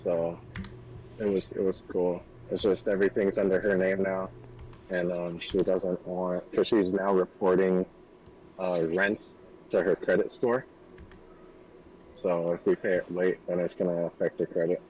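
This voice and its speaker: Streamer, man, 30s, very low voice, loose laughing storyteller. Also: level tone, a little slow, a little mellow, highs cut off, slight background noise. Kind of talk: casual chat over gameplay.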